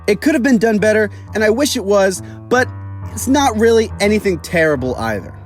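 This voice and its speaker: A man's voice: high voice, very animated, brisk, soft background music. Chatty young man reviewing game villains. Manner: casual, chatty, opinionated. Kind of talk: casual video review.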